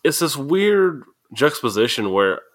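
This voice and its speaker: Brief: male co-host with a mid-pitched, very expressive voice, chatty and giggly. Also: measured pace. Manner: animated, giggly, rambling. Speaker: podcast co-host. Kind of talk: casual podcast chat.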